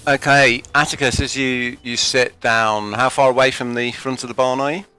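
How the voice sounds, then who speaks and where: A man's voice: medium pitch, fairly even intonation, normal speed, pushed and bright, smooth. A man running a tabletop game as game master, describing scenes with some hesitant fillers.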